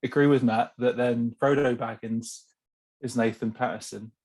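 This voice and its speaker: Husky male panelist, steady and deliberate, mid pitch. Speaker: podcast panelist. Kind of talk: casual chat.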